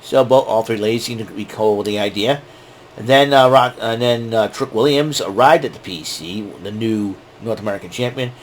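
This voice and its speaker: A man hosting a casual wrestling recap, rambling and excitable, often restarting his sentences. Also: fairly low pitch, moderate pace, slight background noise. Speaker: show host.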